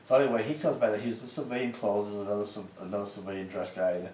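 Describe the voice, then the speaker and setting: An older man with a low voice tells his service stories in a folksy, unhurried way. He turns animated when he relives old arguments. His voice sits some distance from the mic in a roomy space with a faint hiss under it. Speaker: veteran interviewee. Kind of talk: casual storytelling.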